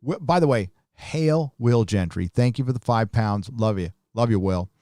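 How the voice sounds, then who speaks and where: A man's voice: mid-range voice, lively intonation, normal speed, a little mellow, no echo, studio quality. A man hosting a live stream, chatting casually and reading viewer comments in a blunt, profane, rambling way.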